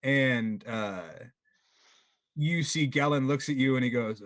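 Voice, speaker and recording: A man's voice: medium pitch, slow pace, fairly bright tone, dry recording. A man running a tabletop game as game master, laid back and laughing often as he narrates.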